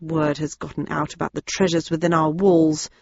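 A woman's voice: low voice, level tone, moderate pace, gravelly, darkish tone, no echo, dull audio, voice pushed down. A woman reading the part of a dry-witted, unflappable old nun in an audiobook. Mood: wry.

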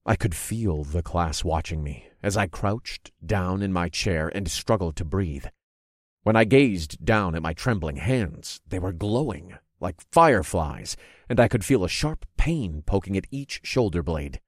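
A man narrating a fantasy audiobook in the first person, expressive and acting out his own reactions. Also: low voice, unhurried, dry recording, clean studio sound. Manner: expressive, groaning and cursing in character.

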